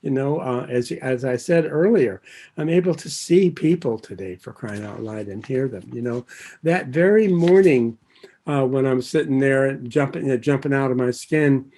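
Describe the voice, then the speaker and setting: An older man tells his own story at a recovery meeting in a warm-hearted, rambling way. He drifts off track, loses his place and finds it again, and lets a soft chuckle slip between thoughts. His tone stays earnest and sincere. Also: mid-range voice, moderate pace. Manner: rambling and digressive, loses his thread and circles back. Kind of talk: personal recovery share.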